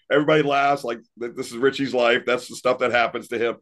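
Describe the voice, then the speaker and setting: A man's voice: mid-range voice, fairly even intonation, quick pace, few pauses, a bit bright. A man and paranormal investigator telling stories in a casual interview, rambling and laughing often. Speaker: paranormal investigator and podcast guest.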